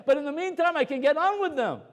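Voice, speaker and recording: A man, a rabbi, giving a storytelling Torah lecture to a live audience in a conversational, animated way. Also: very high voice, fast.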